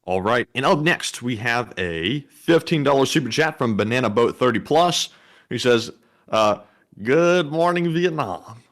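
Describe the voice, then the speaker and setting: A man co-hosts a casual livestream and reads out viewer messages. His delivery is steady and matter-of-fact, at a middle pitch for a man. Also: normal speed. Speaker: co-host reading donations.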